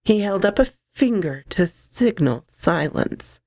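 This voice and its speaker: A woman reading a horror story aloud, expressive and dramatic, close to the microphone. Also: medium pitch, takes it slowly, no room sound.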